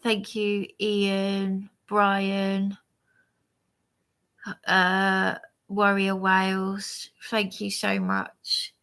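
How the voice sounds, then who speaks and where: A tired woman rambles through a casual livestream chat, stopping and restarting her sentences. She talks slowly, and her voice has a gravelly, creaky edge. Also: medium pitch, completely flat delivery, fairly bright tone. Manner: rambling, hesitant, many restarts.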